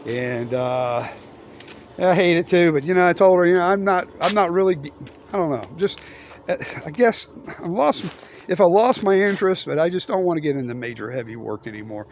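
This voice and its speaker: A man's voice: a little high, expressive, a little fast, slight background noise. An older retired man talking casually about his plans, folksy and meandering, with lots of fillers and restarts, next to an old truck in his workshop. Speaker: retired vlogger. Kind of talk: casual rambling chat.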